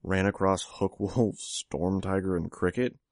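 A man doing a gruff, blunt young fighter. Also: deep voice, a little slow, darkish tone, dry recording, studio quality. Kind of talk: audiobook character voice.

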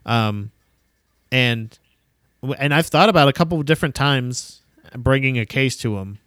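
This podcast co-host has a medium-pitched, fairly bright and clean voice, recorded dry with clean studio sound. He chats casually at a moderate pace, rambling, restarting often and swearing freely.

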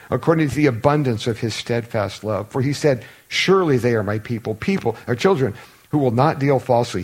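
A man's voice: mid-range voice, darkish tone, slightly rough, poor audio. A man preaching an expository sermon, conversational and earnest, with asides and rhetorical questions, reading scripture aloud with feeling. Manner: reads scripture aloud with feeling, rising in pleading passages. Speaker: pastor. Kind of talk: expository sermon, Bible teaching.

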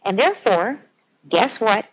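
A woman's voice: fairly high pitch, lively intonation, a little slow, husky, highs cut off. A woman speaking as a parenting expert, earnestly explaining her ideas through everyday scenarios. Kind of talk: conversational explanation.

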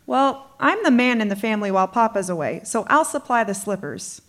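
An actress playing a bold, tomboyish young woman who talks with energetic exclamations. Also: on the high side, fairly quick. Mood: determined.

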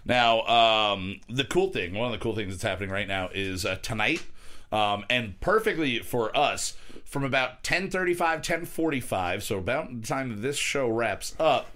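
A man's voice: mid-range voice, expressive, normal speed, pushed and bright. A man hosting a casual podcast, joking and rambling while reviewing a beer. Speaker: podcast host. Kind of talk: casual chat.

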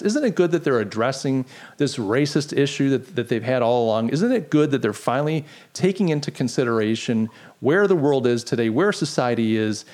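Middle-aged guy ranting on his podcast, sarcastic, fires off rhetorical questions, ordinary mid pitch. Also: darkish tone. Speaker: podcast host. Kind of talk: casual podcast commentary.

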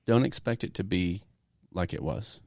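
A man co-hosting a youth ministry podcast, telling stories in a relaxed casual chat. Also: sits low, normal speed, no echo, studio quality. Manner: relaxed storytelling, easy laughs. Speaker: podcast co-host, youth pastor.

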